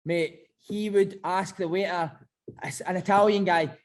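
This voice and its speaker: A man and former footballer hosting a podcast, telling animated stories full of swearing. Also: high voice, moderate pace. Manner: animated, swearing, keeps saying mate. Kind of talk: casual chat and storytelling.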